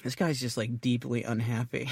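A man's voice: mid-range voice, flat delivery, normal speed, vocal fry, a little mellow, slight background noise. A man co-hosting a comedy podcast, rambling and restarting as he riffs crudely about a book. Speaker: podcast co-host. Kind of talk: casual comedic chat.

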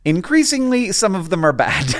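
A man co-hosting a podcast in casual chat, playful and excitable, often jumping high in pitch. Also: normal speed. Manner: excitable, swings from high to low; playful, joking. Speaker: podcast co-host.

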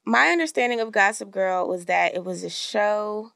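A woman's voice: medium pitch, normal speed, creaky, a bit bright, no room sound. A woman appearing as a podcast guest, chatting casually with dry, understated replies. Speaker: guest TV writer. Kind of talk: casual chat. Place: studio.

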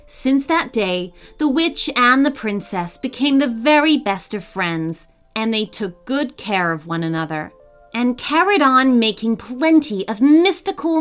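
A woman reading a children's story aloud with an expressive, animated delivery. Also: on the high side, slow, soft background music.

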